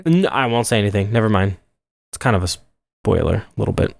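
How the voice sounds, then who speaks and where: A man co-hosting a podcast, chatting casually about films with enthusiastic, quick interjections. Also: fairly low pitch, vocal fry, dry recording. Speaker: podcast co-host. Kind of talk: casual movie chat.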